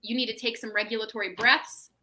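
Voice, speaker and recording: A woman's voice: fairly high pitch, steady tone, quick pace, pushed and bright, poor audio. A woman, a mental health professional, giving parenting advice in a casual podcast chat, often checking in with "right?". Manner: explanatory, tags statements with "right?".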